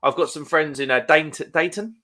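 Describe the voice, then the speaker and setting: Telling stories with lots of laughter, this chatty host from England, in his thirties and with a London accent, keeps a casual live stream going. He sounds a little high, brisk and bright, with a forceful edge.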